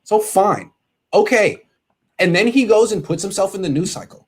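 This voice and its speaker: A male sports podcast host in casual chat, ranting in an animated, exasperated way. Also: high voice, normal speed, husky.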